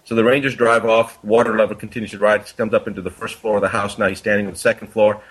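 A man's voice: lowish voice, flat delivery, quick pace. A man, a doctor, telling a parable in an earnest conversational way. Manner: earnest, tells a parable with quoted dialogue. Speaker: doctor guest. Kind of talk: conversational storytelling.

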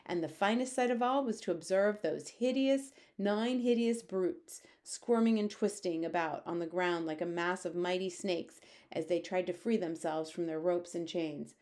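A woman reads a children's book aloud in a steady, measured way. Her voice sits a little low for a woman. She narrates evenly from one passage to the next. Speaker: reader.

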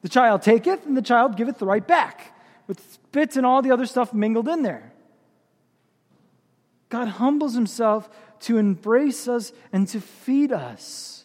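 A man's voice: very high-pitched, expressive, unhurried, in a large hall. A man preaching a sermon as pastor, with impassioned, building emphasis.

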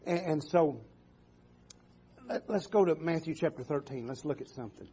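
Halting preacher with a husky, mellow voice. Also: male voice, fairly high pitch. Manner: halting, repeats words, calls for amens. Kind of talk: sermon.

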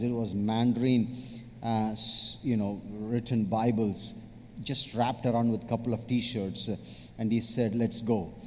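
A man's voice: medium pitch, mellow. A man preaching, telling a story from his own life in a plain storytelling way. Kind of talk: testimony in a sermon. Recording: hall reverb, faint background noise.

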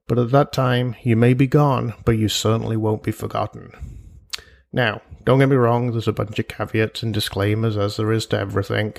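A man's voice: on the low side, vocal fry, darkish tone. A man hosting a solo personal finance podcast, chatty and jokey, with asides and imagined quotes from listeners. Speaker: podcast host.

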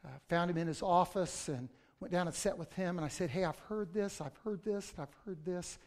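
A middle-aged male pastor preaching a conversational sermon that breaks into sudden loud outbursts. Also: high voice, a little fast.

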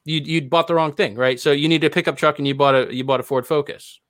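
A man's voice: fairly high pitch, steady tone, quick pace, fairly bright tone, no echo. Man giving earnest advice, dry sound. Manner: earnest, lecturing on a soapbox. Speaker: podcast host. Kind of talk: casual podcast chat.

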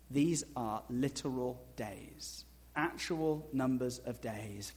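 Brief: male pastor, sermon, slightly higher voice, shifts from slow soft emphasis to loud high asides, dry humor. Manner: conversational preaching with dry humor.

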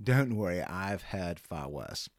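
A man playing a male counsellor who switches from a soft, patient manner to booming revival-preacher exorcism in a comedy sketch. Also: big pitch swings, takes it slowly, no echo, clean studio sound, full character voice. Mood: calm, patient.

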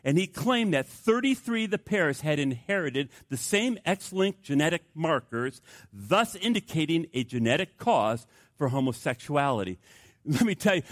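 An older male pastor delivers a sermon in a fairly high voice, telling stories with lively emphasis and then dropping to hushed, quiet passages. The sound is dry and close, with no room echo. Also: normal speed. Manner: animated storytelling, swinging from loud emphasis to hushed tones.

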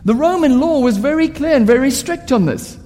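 A man's voice: extremely high pitch, expressive, a little fast, warm tone. A male preacher giving a sermon, telling stories vividly and asking rhetorical questions. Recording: long hall reverb.

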